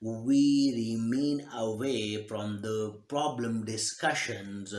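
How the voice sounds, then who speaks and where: Slow, halting man in an echoey room. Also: on the low side. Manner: slow, halting delivery with many fillers and restarts. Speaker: self-help speaker. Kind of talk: live motivational talk.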